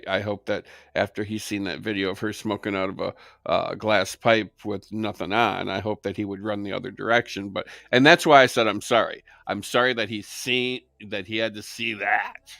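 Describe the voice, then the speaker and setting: A male co-host joking his way through a casual chat. His low voice is gravelly yet sharp and bright. The sound is dry and close. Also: moderate pace, hardly any pauses, no room sound. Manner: animated, joking asides.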